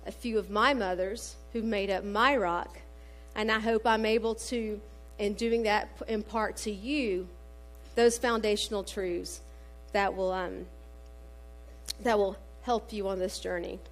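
A woman's voice: medium pitch, unhurried, soft background music. A middle-aged woman preaching a sermon, mixing scripture readings with family stories and frequent "um" fillers. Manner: warm storytelling with scripture quotes, many fillers.

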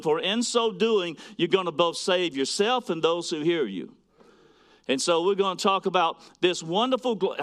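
A pastor preaches to his congregation, reading scripture and swinging between loud, emphatic lines and quiet, hushed asides. His voice is high.

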